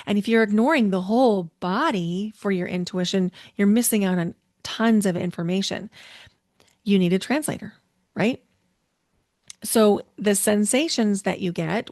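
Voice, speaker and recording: A woman's voice: mid-range voice, dry recording. Chatty woman podcast host, dry sound. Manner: chatty and self-deprecating, tells personal stories. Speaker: podcast host and intuition coach. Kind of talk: solo podcast teaching talk.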